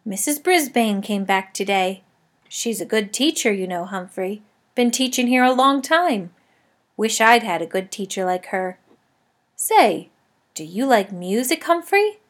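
A woman's voice: medium pitch, expressive, a little slow. A woman voicing a cheerful, chatty middle-aged male night janitor who jokes and talks kindly to a class pet. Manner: chatty, joking, friendly.

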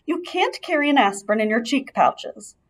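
A nervous aunt mouse from a storybook, read by a woman, her voice high, shaky and quavering with worry. A breathy huskiness sits over every word. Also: animated, moderate pace. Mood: worried. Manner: quavering, worried.

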